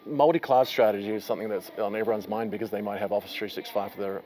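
A man hosting an interview at a conference, asking long, quick questions with many fillers. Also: on the low side, steady tone, darkish tone, poor audio. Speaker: interviewer host. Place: busy conference venue.

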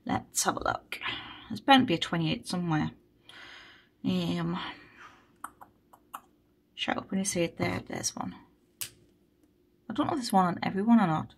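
A woman's voice: lowish voice, expressive, moderate pace, creaky, long pauses, breathy edge. A woman chatting casually on a budgeting vlog, thinking aloud as she counts money. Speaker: budgeting vlogger. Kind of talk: casual chat while cash stuffing.

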